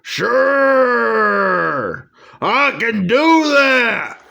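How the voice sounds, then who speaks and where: A man's voice: very high-pitched, very animated, extremely slow, creaky, pushed and bright, dull audio, exaggerated voice. A man voicing a grumpy young fishing buddy in a comic who grumbles and swears. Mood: grumbling.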